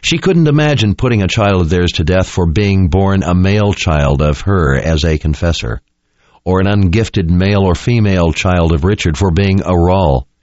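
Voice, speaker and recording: A man reading a fantasy novel aloud in an expressive, dramatic style. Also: sits low, normal speed, no echo. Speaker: audiobook narrator. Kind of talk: scripted narration. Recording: dull lo-fi dry recording.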